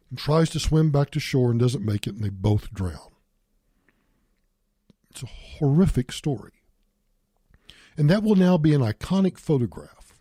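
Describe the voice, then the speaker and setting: A man's voice: fairly high pitch, a little mellow, no room sound, clean studio sound. An older man hosting a talk show, delivering an emphatic political monologue and repeating points for stress. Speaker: radio talk show host.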